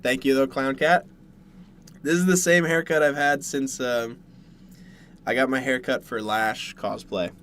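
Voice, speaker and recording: A young Canadian man eats while streaming from a dark bedroom, rambling casually to his audience. He speaks at a medium, fairly even pitch, a little slowly, with long pauses and slight background noise.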